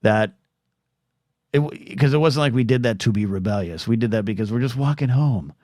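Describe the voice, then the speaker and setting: A man's voice: medium pitch, expressive, brisk, darkish tone, no room sound. Middle-aged guy rambling on his solo podcast, stammers and restarts a lot, dead dry sound. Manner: rambling, self-deprecating, many restarts and stammers; acts out quoted voices in short bursts.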